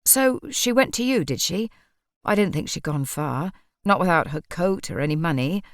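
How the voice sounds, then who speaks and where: A woman's voice: lowish voice, expressive, normal speed, dry recording, studio quality. Woman voicing Charlie, flustered shopkeeper man. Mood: huffy. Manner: pleading, huffy. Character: flustered mild-mannered male shopkeeper.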